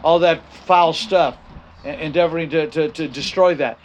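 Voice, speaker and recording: Emphatic older pastor, high-pitched man. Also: fairly even intonation, moderate pace, slight background noise. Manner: emphatic, repeats key phrases, frequent restarts. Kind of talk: sermon with personal story.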